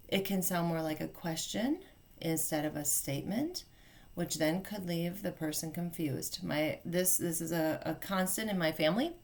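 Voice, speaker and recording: A middle-aged woman coaching on family communication in a casual, chatty teaching manner, with fillers and self-corrections. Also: on the low side. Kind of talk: casual instructional talk.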